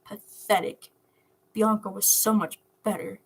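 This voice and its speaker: A harsh disdainful god dad, put on by a woman reading a fan story, breathy and quiet, each word cold and cutting, told as an audiobook-style story reading. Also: mid-range voice, steady tone, unhurried, full character voice. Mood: contemptuous. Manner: scornful, cutting. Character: cold cruel god father, contemptuous.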